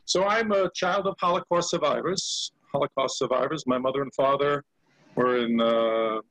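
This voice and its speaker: A man's voice: medium pitch, normal speed, dry recording, low-quality recording. Older man on a video call, hesitant talker. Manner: hesitant, many fillers when talking, lively when singing. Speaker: Yiddish actor and singer, guest. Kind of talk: casual video-call chat with sung comic song.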